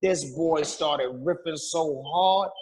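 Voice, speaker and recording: A middle-aged man, a rapper, telling an animated story as an interview guest, acting out quotes and humming beats. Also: a little high, takes it slowly, crowd noise. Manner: lively, acts out quotes, hums beats and sings snippets.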